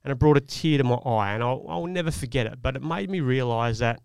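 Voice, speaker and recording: A man's voice: medium pitch, animated, fast, vocal fry, darkish tone, clean tone, no echo, studio quality. A man, telling a personal parenting story in an earnest, reflective way on a casual podcast. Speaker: podcast co-host. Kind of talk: casual chat.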